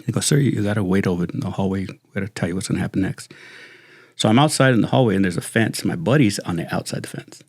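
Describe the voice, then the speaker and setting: A middle-aged man, a retired sheriff's lieutenant, telling stories in a casual, animated way and saying "dude" often. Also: low-pitched, quick pace, creaky, husky, no echo, clean studio sound. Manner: animated, slangy, says "dude" constantly. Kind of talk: casual storytelling chat.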